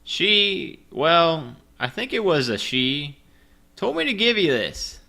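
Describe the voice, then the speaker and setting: Tired matronly librarian in a tabletop game, hushed and flustered, high voice put on by a man. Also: sing-song, takes it slowly, gravelly, full character voice. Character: tired matronly middle-aged woman librarian.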